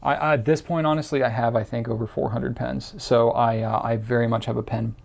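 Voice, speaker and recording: A man's voice: medium pitch, steady tone, fairly quick, gravelly. A man in his thirties hosting a viewer Q&A, chatting casually in a rambling, self-deprecating way with lots of fillers. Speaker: host answering viewer questions. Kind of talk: casual chat to camera.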